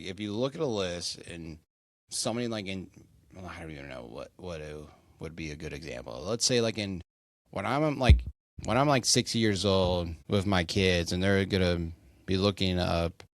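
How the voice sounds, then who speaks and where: A man's voice: low-pitched, no room sound. A young man hosting a solo sports podcast, rambling casually with lots of fillers and swearing. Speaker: podcast host.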